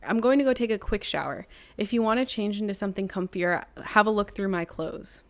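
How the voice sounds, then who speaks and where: A woman voicing an earnest young male college football player, speaking softly and sincerely in an interactive story game. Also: medium pitch, brisk, close to an everyday voice.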